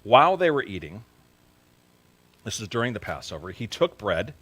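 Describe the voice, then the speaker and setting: A man's voice: fairly low pitch, big pitch swings, moderate pace, slightly rough, poor audio. A man preaching a sermon at a church service, earnest and questioning his listeners directly, becoming emphatic to stress a point. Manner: grows emphatic and louder when stressing a point. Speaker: pastor.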